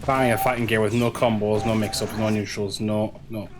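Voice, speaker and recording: A man's voice: lowish voice, level tone, moderate pace, background noise. Rambling man chatting on a game stream. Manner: rambling, stumbles and repeats words, swears casually. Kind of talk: casual gameplay stream chat.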